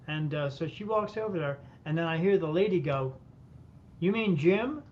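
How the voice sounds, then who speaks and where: A man, a medium, telling a lively story as a podcast guest, acting out the voices of people in it. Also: brisk. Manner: animated anecdotes, acting out quoted voices. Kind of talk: casual storytelling. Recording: muffled audio with faint rumble.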